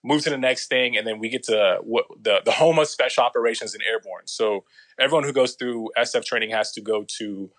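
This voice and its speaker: A man's voice: medium pitch, brisk, fairly bright tone. Slangy, profane man telling stories. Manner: profane, slangy, mimics others' voices; loose, rambling with restarts and fillers. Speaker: guest. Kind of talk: casual storytelling interview.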